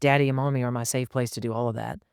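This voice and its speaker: Man, middle-aged, podcast co-host, animated storyteller, smooth clear voice, dry close mic. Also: very fast, dry recording. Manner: animated, acts out dialogue with his sons in a higher voice. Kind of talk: casual podcast conversation.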